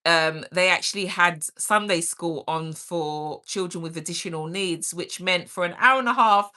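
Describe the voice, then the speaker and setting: A woman's voice: on the low side, normal speed, pushed and bright. A middle-aged woman hosting a livestream, chatting energetically and caringly while reading out viewer comments. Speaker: livestream host.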